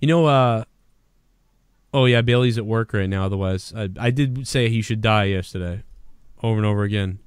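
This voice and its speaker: A man's voice: lowish voice, moderate pace, clean tone, no echo, clean studio sound. A man co-hosting a podcast in casual, profane banter, rambling and laughing often. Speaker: podcast co-host.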